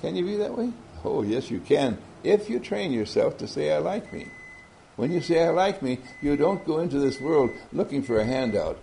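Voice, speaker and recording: A man's voice: a little high, big pitch swings, moderate pace, vocal fry, hardly any pauses, warm tone, slight background noise, low-quality recording. A man giving a motivational talk, telling a story animatedly and often laughing. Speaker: motivational speaker.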